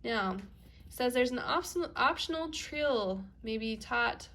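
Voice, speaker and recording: A woman's voice: on the high side, lively intonation, slow pace, a bit bright, slight background noise. A woman teaching a piano lesson on video, explaining step by step and checking in with "okay?" as she goes. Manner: patient step-by-step explaining, asks "okay?" often. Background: piano playing.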